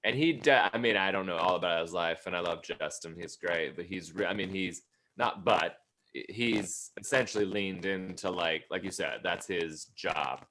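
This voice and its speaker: Low-voiced man in halting chat. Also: pushed and bright, a little hiss or hum. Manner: halting, many fillers and restarts. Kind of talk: casual podcast chat.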